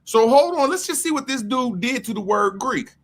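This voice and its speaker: A man hosting a livestream, reading from his screen and thinking out loud in loose, profane casual talk with frequent laughter. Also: very high-pitched, animated, moderate pace. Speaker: livestream host.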